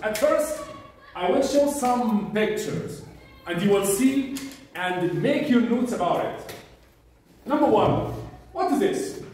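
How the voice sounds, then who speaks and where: A man teaching a vocabulary lesson, repeating each word slowly and drilling pronunciation with his class. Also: high voice, lively intonation, a little mellow, slight background noise. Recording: echoey room, mic far off.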